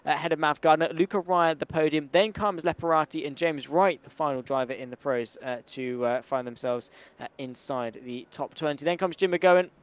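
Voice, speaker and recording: Brisk man calling a sim race. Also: fairly high pitch, clean tone. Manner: brisk, chatty play-by-play with British slang. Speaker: sim racing commentator. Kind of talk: live race commentary.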